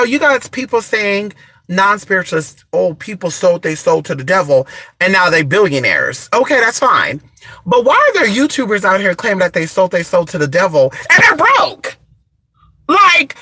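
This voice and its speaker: A woman who does spiritual candle services, talking in a blunt, profane rant, her voice raspy from just waking up. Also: medium pitch, pushed and bright, no echo. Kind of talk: casual rant to camera.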